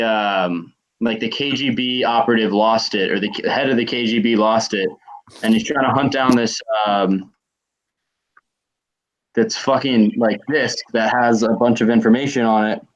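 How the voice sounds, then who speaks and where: Rambling young man on a lo-fi stream. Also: medium pitch. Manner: rambling, retells scenes with lots of fillers. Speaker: stream host. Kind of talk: casual chat on a livestream. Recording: dull lo-fi stream audio.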